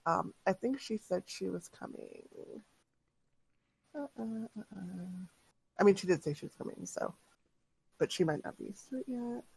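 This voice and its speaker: A woman's voice: mid-range voice, lively intonation, moderate pace, vocal fry, long pauses, darkish tone, husky. A woman who is the game master, chatting casually before a tabletop session in a talkative way with lots of filler words.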